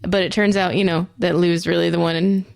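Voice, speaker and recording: A woman's voice: on the low side, level tone, fairly quick, vocal fry, a little mellow, no echo, studio quality. A woman co-hosting a podcast, recapping a TV episode in a chatty, profane and self-mocking way. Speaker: podcast co-host.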